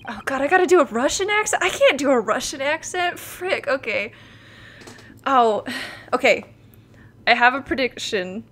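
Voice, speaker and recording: A woman's voice: high voice, animated, moderate pace, pauses often, a bit bright, slight background noise. A woman streamer commentating a story game, laughing often and reading characters' lines aloud. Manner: giggly, reads game lines aloud in voices. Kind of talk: casual let's-play commentary.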